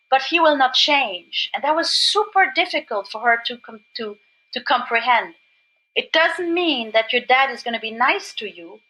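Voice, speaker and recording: Woman, German accent, non-native English speaker, podcast guest, high voice, enthusiastic, animated. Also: low-quality recording. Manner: enthusiastic, rapid restarts and repeats. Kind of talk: animated recovery talk.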